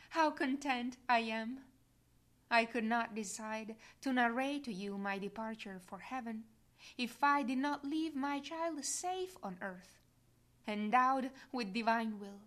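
Woman reading as a gentle motherly heavenly queen. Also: on the high side. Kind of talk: devotional reading.

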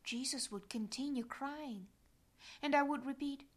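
A woman reads a devotional diary aloud in a solemn, measured manner. Her voice sits fairly high. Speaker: reader.

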